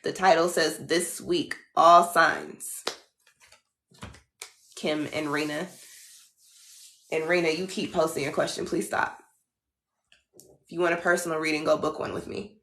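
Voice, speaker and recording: A woman's voice: low voice, steady tone, measured pace, pauses often, a bit bright, roomy sound. A woman tarot reader talking in a casual, blunt, slangy way on a livestream.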